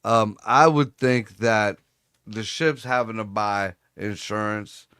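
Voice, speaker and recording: A man co-hosting a casual livestream chat, talking in a profane, joking and animated way. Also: fairly low pitch, slow pace, smooth. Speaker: co-host.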